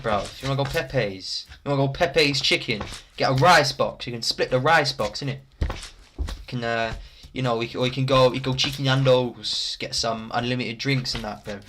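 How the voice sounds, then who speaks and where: A man's voice: mid-range voice, a bit bright, a little hiss or hum, natural voice. A man putting on a cocky roadman charmer. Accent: London street slang put on. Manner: slangy street talk, cheeky flirting.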